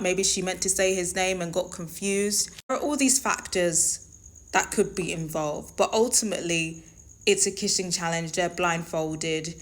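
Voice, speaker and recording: A London woman with a slightly low, somewhat bright voice hosts her own reality TV commentary show. She's conversational yet emphatic and opinionated, driving her points home.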